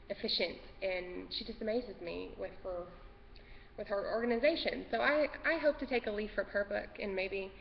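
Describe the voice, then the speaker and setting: A woman's voice: medium pitch, gravelly. Woman, home craft vlogger, jittery and rambling; lo-fi audio, faint hiss. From Texas. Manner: nervous, rambling, easily distracted. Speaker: podcast host. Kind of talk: casual craft vlog chat. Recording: dull lo-fi sound with long reverb and faint noise.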